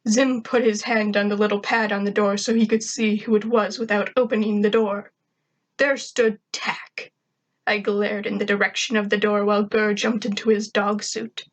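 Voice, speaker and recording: A woman's voice: mid-range voice, poor audio. A woman reading a first-person story aloud in a snarky, conversational way. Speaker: fan fiction reader.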